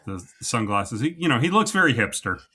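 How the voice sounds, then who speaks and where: A man's voice: mid-range voice, sing-song, brisk, sharp tone, slightly rough. A man co-hosting a podcast, recapping sketches in a laid-back, wry casual chat. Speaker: podcast co-host.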